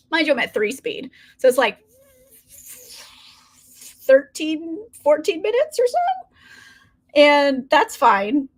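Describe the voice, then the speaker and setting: High-voiced chatty woman streamer. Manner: chatty, laughs often, casual swearing. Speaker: reading live-stream host. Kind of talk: casual chat to live viewers.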